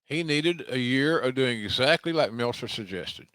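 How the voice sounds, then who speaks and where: An older man hosting a podcast, talking casually about wrestling in a halting way with many restarts and slow, emphatic phrases. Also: mid-range voice, lively intonation, a bit bright, no room sound. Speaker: podcast host, wrestling commentator.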